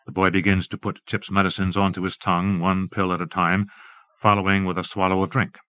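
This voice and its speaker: Low-voiced man reading an audiobook. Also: level tone, fairly quick, clear, resonant tone, no room sound. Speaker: audiobook narrator. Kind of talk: scripted narration. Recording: dull dry tape recording.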